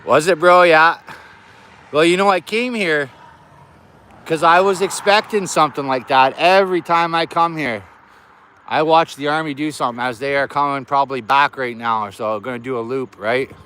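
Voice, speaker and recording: A man's voice: a little high, normal speed, bright, forceful tone. A friendly, talkative middle-aged man, live-streaming from outdoors near an air base. He greets his viewers one by one in easy, loose chat, with faint traffic behind him. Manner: chatty, greeting viewers by name.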